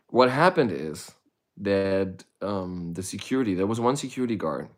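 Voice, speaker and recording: A man on a live stream telling a wild story in a casual, profane way, acting out his own reactions with sudden loud bursts. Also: lowish voice. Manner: animated, profane, acts out his own past reactions loudly.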